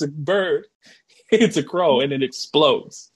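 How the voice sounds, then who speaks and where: A man's voice: mid-range voice, measured pace, husky. A man co-hosting a podcast, casually chatting and acting out movie quotes with frequent laughter. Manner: laughing, acts out quotes in raised voice. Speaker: podcast co-host. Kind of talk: casual chat, quoting movie lines.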